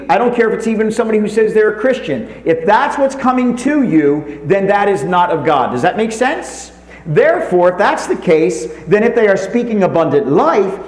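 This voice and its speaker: A man preaching a sermon as pastor, calling out to his congregation and slowing down to stress key words. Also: sits high, roomy sound, rough recording. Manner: preaching, calls to the congregation, slows for emphasis. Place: recorded away from the live congregation.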